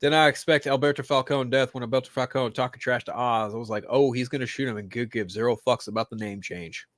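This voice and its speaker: A man of middle pitch hosts a pop-culture show in a loose, foul-mouthed rant. He swings from mumbled asides to loud mocking jeers. The recording is close and dry, with no room sound. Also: fast, no room sound. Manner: swears constantly, mock-crying outbursts and animated swings. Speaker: podcast host.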